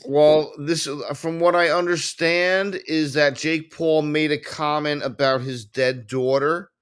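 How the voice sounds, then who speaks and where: Rambling man with a higher voice. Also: steady tone, unhurried, fairly bright tone, clean tone. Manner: rambling, repeats himself. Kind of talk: casual group chat on a live stream.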